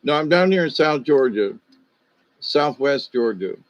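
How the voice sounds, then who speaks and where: A man's voice: mid-range voice, animated, measured pace, no echo, poor audio. An older man with a slight Southern US accent, hosting a livestream in a meandering, hesitant casual monologue full of fillers. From Ohio, USA. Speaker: livestream host.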